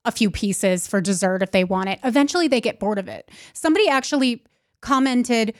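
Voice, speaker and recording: Woman cohost w/ a slightly high voice, chatty, agreeable, laughs easy, dry close mic. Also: animated, fairly quick, no echo. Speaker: podcast co-host. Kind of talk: casual chat.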